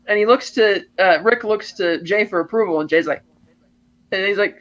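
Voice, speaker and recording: A man's voice: high-pitched, fairly even intonation, a little fast, a bit bright, muffled recording. A man co-hosting a podcast, animatedly retelling film scenes step by step and acting out the lines. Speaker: podcast co-host. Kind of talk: casual film discussion.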